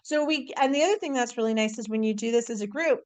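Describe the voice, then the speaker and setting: A woman's voice: fairly high pitch, fast, a little mellow. Woman coach rambling with restarts. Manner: rambling, with many restarts and fillers. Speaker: intuitive life coach. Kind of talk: casual live video promotion.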